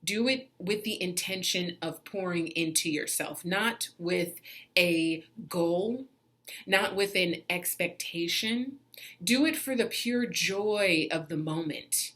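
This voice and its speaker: A woman in her forties giving casual motivational advice in a self-help vlog, laughing often and jumping up in pitch for emphasis. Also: slow, fairly bright tone. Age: 40s.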